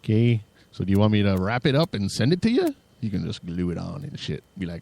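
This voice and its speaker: Goofy, laughing man with a lively voice. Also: lowish voice, fast, creaky. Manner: goofy, jumps into mock radio-DJ and metalhead voices; swears freely, laughs a lot. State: tired. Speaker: podcast co-host. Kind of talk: casual banter.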